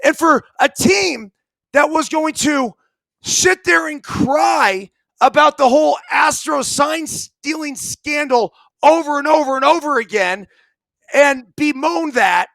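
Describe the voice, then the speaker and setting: A man's voice: extremely high pitch, slow pace, creaky, a bit bright, no room sound, poor audio. A middle-aged man and former ballplayer co-hosting a sports talk show, ranting emphatically and swearing a lot. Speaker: podcast co-host, former ballplayer.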